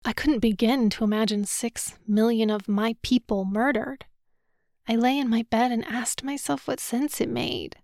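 A woman narrating a novel in the first person, with a measured, subdued, solemn reading. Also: on the high side, no echo, studio quality. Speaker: audiobook narrator.

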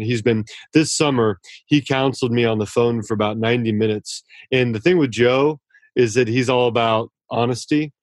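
A man's voice: medium pitch, darkish tone, no room sound. Earnest man talking in a dry room. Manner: earnest, effusive, restarts often. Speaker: author guest. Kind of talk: casual interview talk.

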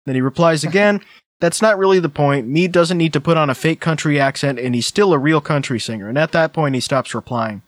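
A man with a slightly high voice hosts a casual podcast. He reads posts out loud and drops wry, deadpan asides. The sound is dry and close to the mic. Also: fairly quick, dry recording. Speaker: podcast host. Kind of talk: casual chat, reading posts aloud.

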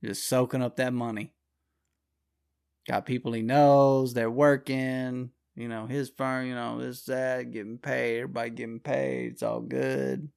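A man's voice: medium pitch, animated, normal speed, vocal fry, darkish tone. A man hosting his own show, delivering a blunt, profane, rambling solo rant.

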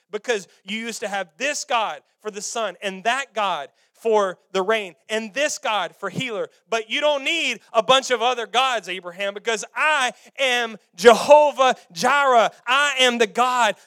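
A man preaching voices God speaking to Abraham, slow and weighty, hushed at first and then booming. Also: no room sound, studio quality.

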